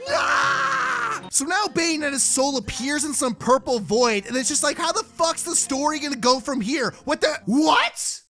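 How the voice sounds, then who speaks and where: A video game reviewer giving a comedic, profanity-heavy synopsis of a game ending, ranting in disbelief and shouting at times. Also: sits high, normal speed, few pauses.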